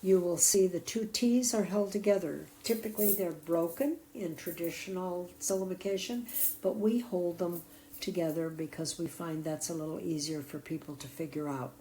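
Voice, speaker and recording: Female narrator, middle-aged, lowish mellow voice, patient explainer for an app walkthrough. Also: moderate pace, a little hiss or hum, poor audio. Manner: patient, explanatory, tapping through settings step by step. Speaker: app demonstrator. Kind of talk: scripted product walkthrough narration.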